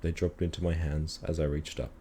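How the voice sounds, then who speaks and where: A man calmly reading a children's story aloud in a measured storytelling manner. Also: extremely low pitch, slight background noise. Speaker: reader.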